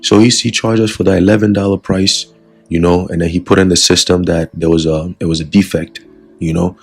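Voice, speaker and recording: A man's voice: sits low, fairly even intonation, a little fast, slightly rough. A man giving a casual, rambling spoken testimony and scripture lesson to his religious group. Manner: casual and rambling, with many fillers.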